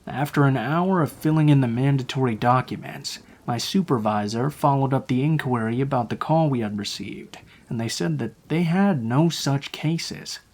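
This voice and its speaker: A man narrating true horror stories in a calm, low-key scripted reading. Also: moderate pace, few pauses.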